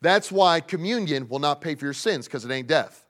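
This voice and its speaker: A man preaching a sermon to young people, emphatic, swinging between loud pleading and hushed asides. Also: on the high side, lively intonation, moderate pace. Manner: speaks directly to young people in the congregation.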